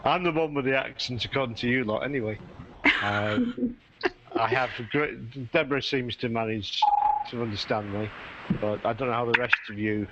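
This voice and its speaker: A man's voice: medium pitch, moderate pace, a crowd in the background. A man chatting wryly in a group video call. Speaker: hangout participant. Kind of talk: casual group video chat. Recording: muffled webcam call audio with noise.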